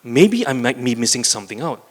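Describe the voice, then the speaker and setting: A man's voice: mid-range voice, very animated, brisk. A man voicing a contented little male frog in a told story, speaking with cheerful wonder in a reverberant hall.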